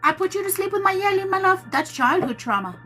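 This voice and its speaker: A woman's voice: extremely high pitch, big pitch swings, fast talker, bright, forceful tone, soft background music. A woman hosting a live tarot stream, talking casually with viewers in a chatty, teasing way and calling them "my love.".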